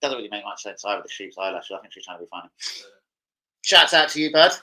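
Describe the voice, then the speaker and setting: A young man chatting on a football livestream, bright and forceful in tone. His pitch swings widely as he tells rambling, sweary stories. He talks casually and loosely. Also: racing, poor audio. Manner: sweary, rambling anecdotes, animated. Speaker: football channel host.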